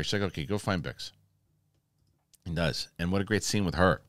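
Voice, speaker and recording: Deep-voiced man recapping with animated asides. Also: moderate pace, pauses often, no echo, studio quality. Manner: animated, acts out quotes, many restarts. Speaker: host. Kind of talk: casual review recap.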